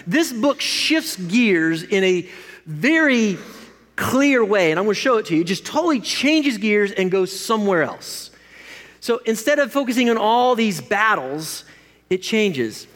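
A pastor delivers a lively, jokey sermon, often cutting himself off and starting sentences over. For a man, his voice is fairly high, and a long church-hall reverb lingers after each phrase.

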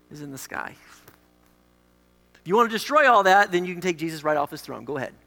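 A male pastor delivers a sermon with a bright, ringing tone, leaning hard into emphatic lines and then dropping to quiet asides. His voice echoes with a long reverb across a church sanctuary. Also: sits high. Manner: emphatic, swings between loud declarations and quiet asides.

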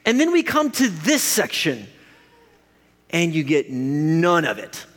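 A man preaches a sermon in a lively, joking way, breaking off and restarting sentences as he goes. His voice sits fairly high for a man. Long reverb from a church hall trails after his words. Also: slow. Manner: animated, jokey, self-interrupting. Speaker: pastor.

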